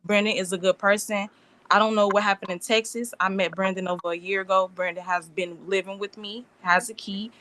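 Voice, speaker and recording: A woman in her twenties, the alleged victim, addresses a bond hearing over a remote call with an emotional, rambling plea in run-on sentences. Her medium-pitched voice is brisk and a bit bright, with little pitch movement and a little hiss or hum.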